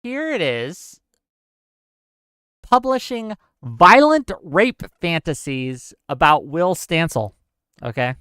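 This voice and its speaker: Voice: mid-range voice, big pitch swings, slow, long pauses, a bit bright, clean tone, no room sound, clean studio sound. A live-stream show host giving incredulous, exasperated commentary, laughing in disbelief and reading out viewer chat. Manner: exasperated, many filler "okay?" tags.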